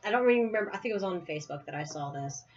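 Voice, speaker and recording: A woman's voice: fairly low pitch, lively intonation, rapid-fire, slightly rough. Giggly woman telling a joke, muffled audio. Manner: giggly storyteller, laughs often. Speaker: podcast co-host. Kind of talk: casual chat.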